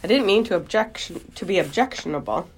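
A woman voicing an eager, earnest young male pig who speaks politely and excitedly in a storybook reading. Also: mid-range voice, a little fast, slightly rough. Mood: meek.

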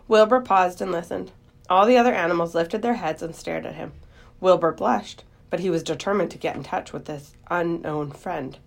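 A woman reading a children's book aloud in a gentle, expressive storytelling voice. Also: lowish voice, normal speed, vocal fry.

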